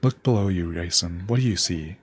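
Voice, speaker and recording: A man's voice: low voice, a little fast, breathy edge. A man reading out a sly, scheming male raven king from a game's dialogue.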